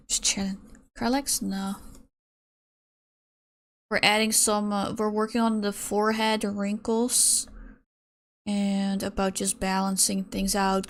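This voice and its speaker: A young woman chatting casually with her stream viewers while she paints, ranting in an exasperated way and reading out chat messages. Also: medium pitch.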